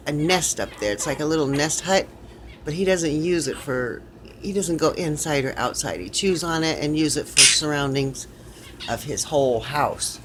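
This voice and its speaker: A woman's voice: sits low, lively intonation, moderate pace. An older woman showing her pet birds at home, talking to them in sing-song baby talk. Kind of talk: casual home video chat. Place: home room with bird cages. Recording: noisy home video with chirping birds.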